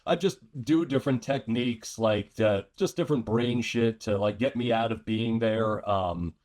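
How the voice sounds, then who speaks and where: A man's voice: on the low side, moderate pace, a little mellow. A man from New York, a podcast guest, talking in a laid-back, profane, casual way and laughing often.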